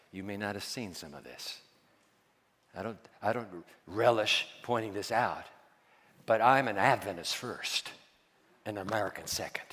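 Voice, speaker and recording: A man preaching a sermon as pastor, quizzing his congregation and dropping to hushed asides. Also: fairly low pitch, long reverb tail.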